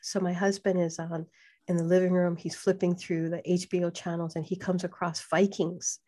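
A middle-aged woman from Hawaii, a podcast guest, telling a personal story in an animated way, acting out the voices she quotes, with frequent fillers. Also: on the low side, moderate pace.

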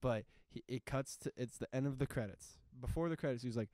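A man's voice: medium pitch, fast talker, a little mellow, dry recording. A young man in casual podcast chat, rambling with lots of fillers and acting out quotes from a movie he describes. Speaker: podcast host.

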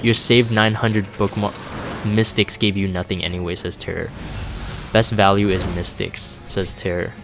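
A man with a fairly low voice hosts a relaxed live stream, reading viewer messages aloud and musing with lots of ums and restarts. Faint game music plays underneath. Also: moderate pace, vocal fry. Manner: reads chat aloud, rambling and laid-back with many fillers. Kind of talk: casual live-stream chat.

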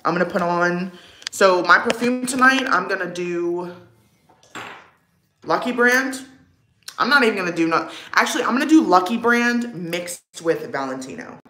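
A woman's voice: lowish voice, background noise. Chatty young woman in an echoey room. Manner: chatty and rambling, lots of "like", answers chat. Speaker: livestream vlogger. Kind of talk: casual get-ready-with-me livestream chat.

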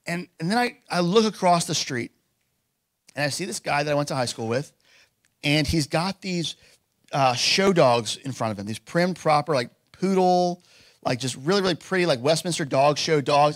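A man's voice: fairly high pitch, lively intonation, normal speed, dry recording. A man preaching a sermon as pastor, telling stories casually with lots of fillers and building to emphatic declarations. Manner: casual storytelling with many fillers.

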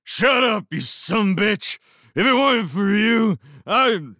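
Brief: angry male rancher, shouting, performed by a male reader, dry close sound. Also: high voice, sing-song, slow, dry recording, voice pushed up, full character voice. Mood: furious. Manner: snarling, shouting.

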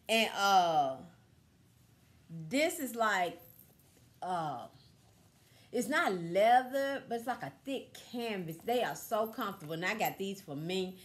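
A woman's voice: a little high, animated, slow pace. A middle-aged woman chatting casually to viewers about a thrift haul, straightforward and full of stories and exclamations. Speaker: vlogger showing a thrift haul.

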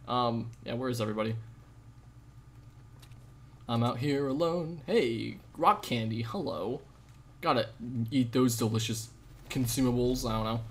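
A man's voice: medium pitch, moderate pace, long pauses. Rambling young male game streamer. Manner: jokey, rambling, sudden loud outbursts. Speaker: gaming streamer. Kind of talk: live gameplay commentary with chat.

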